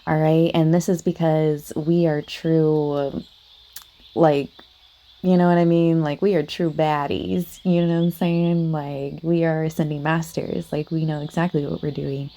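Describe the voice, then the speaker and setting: Woman on a spiritual podcast, low warm voice, chatty and earnest, lots of filler words. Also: flat delivery, measured pace. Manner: chatty, full of "like" and "you know what I mean"; earnest, addresses listeners directly. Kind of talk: casual spiritual monologue.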